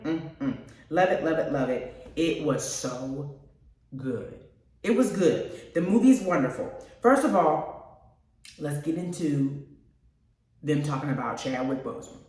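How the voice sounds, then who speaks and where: A woman's voice: low-pitched, darkish tone. A woman hosting a radio show, chatting casually and gushing to her listeners about a movie. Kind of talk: casual movie review chat. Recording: very echoey room, mic at a distance.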